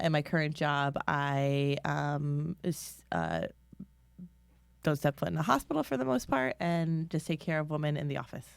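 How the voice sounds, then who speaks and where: A middle-aged woman talks about her work as a midwife in a low, unhurried voice. She hesitates often and fills the gaps with ums and uhs. The recording is close and dry. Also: gravelly, clean tone, dry recording. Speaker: guest midwife. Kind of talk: casual podcast conversation.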